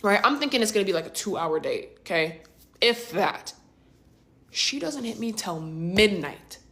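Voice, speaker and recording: Animated young woman telling a story. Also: medium pitch, unhurried. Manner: animated, slangy, conversational. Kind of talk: casual storytime.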